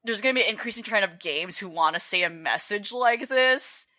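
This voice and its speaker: A woman talks through her thoughts on a casual gaming podcast. She rambles and restarts, leaning on fillers and quick laughs, and her voice sounds bright. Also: mid-range voice, lively intonation. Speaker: podcast co-host. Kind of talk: casual chat.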